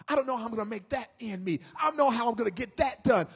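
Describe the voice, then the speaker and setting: A male pastor preaching a sermon, moving from hushed scripture reading to shouted exhortation. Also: very high voice, animated, fast talker, hardly any pauses, slightly rough, long reverb tail. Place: church sanctuary.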